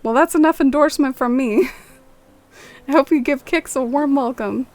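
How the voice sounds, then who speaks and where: A woman's voice: sits high, normal speed, a little mellow, lightly acted. A woman reading the lines of a cheerful old male dog host in a folksy, upbeat way.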